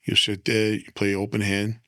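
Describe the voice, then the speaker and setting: A man's voice: fairly low pitch, completely flat delivery, normal speed, pushed and bright, no room sound, studio quality. A man talking through a casual interview, streetwise, handing out tips step by step. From United States. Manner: streetwise, instructive, tosses out tips. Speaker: interview guest. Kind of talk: casual storytelling chat.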